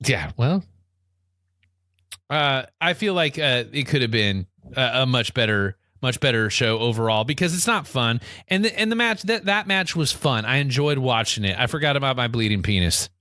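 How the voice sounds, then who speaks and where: A man co-hosting a casual podcast, telling exaggerated comic stories in a rambling, excitable way. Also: medium pitch, moderate pace, no echo, clean studio sound. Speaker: podcast co-host. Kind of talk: casual comedic chat.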